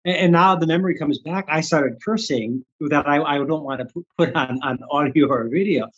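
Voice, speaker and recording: Speaking briskly in a husky, slightly bright voice on the high side, a Reiki teacher from the Midwestern US, an older man, candidly recounts a story as an interview guest, voicing his own past thoughts. The sound is lo-fi.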